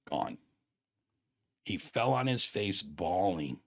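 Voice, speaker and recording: Guest spot, low-voiced man in his 50s, slangy and emphatic storyteller. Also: animated, moderate pace, fairly bright tone. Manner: slangy and emphatic, acts out quoted dialogue. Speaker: guest telling a personal story. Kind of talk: casual storytelling conversation.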